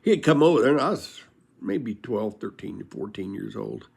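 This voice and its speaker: A man's voice: fairly low pitch, expressive, normal speed, gravelly, darkish tone, slightly rough. An older man telling folksy stories from his life in a casual, rambling way, laughing as he goes. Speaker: storyteller. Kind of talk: casual storytelling.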